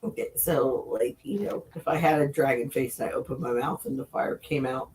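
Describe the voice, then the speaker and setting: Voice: medium pitch, moderate pace, darkish tone, low-quality recording. A speaker in a casual group chat, talking in a chatty way and explaining things for the others with lots of "like".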